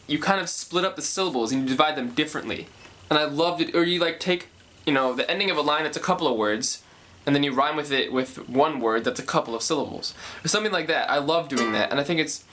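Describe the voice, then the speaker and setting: A young man with a fairly high voice talks casually through his songwriting, thinking aloud and often restarting his sentences. A ukulele plays faintly under his voice. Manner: thinking aloud, rambling, self-correcting. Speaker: songwriter explaining his process.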